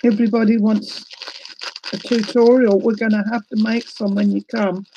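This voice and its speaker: A woman's voice: medium pitch, flat delivery, normal speed, dark tone, slight background noise. A woman hosting a casual live crafting unboxing, gushing and tearful as she talks to viewers. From New Zealand. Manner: gushing, emotional, exclaiming. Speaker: crafting livestream host.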